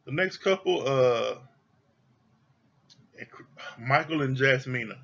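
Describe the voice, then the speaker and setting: Blunt ranting man, bright husky voice. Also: medium pitch, lively intonation, takes it slowly, highs cut off. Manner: blunt, exasperated, swears freely. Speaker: reality TV reviewer. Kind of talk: casual ranting review.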